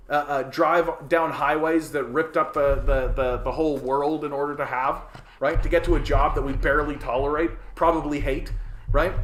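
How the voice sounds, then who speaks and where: A man's voice: on the high side, fairly bright tone. A man from Canada hosting a podcast in a heated, profane rant, repeating "right?" again and again. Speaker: podcast host. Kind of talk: casual ranting monologue. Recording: echoey room.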